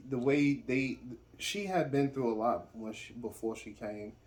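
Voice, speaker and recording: A man in his forties speaking in a soft, halting way in a casual family chat. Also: medium pitch. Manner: soft-spoken, halting, with trailing phrases. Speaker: father co-host.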